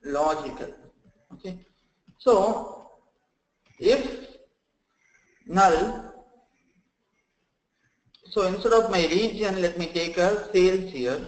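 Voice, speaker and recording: Man trainer, high voice, roomy echo, walks students through step by step, says okay and friends a lot. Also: slow, long pauses. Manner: explanatory, repeats "okay" and "friends", many restarts. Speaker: software trainer. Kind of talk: live online training session.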